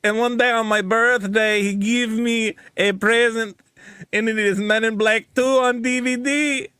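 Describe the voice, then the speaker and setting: A woman's voice: fairly high pitch, fairly even intonation, a little slow, fairly bright tone, smooth, no echo, pitched above the performer's own voice. Man doing a weepy young woman in broken English. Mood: tearful. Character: tearful young woman remembering her brother.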